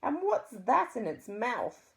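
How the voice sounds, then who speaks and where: A woman with a New Zealand accent voicing a tall, posh, snooty older woman, speaking higher and louder than her narration. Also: big pitch swings, slow pace, vocal fry, exaggerated voice. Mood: indignant. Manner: posh, haughty.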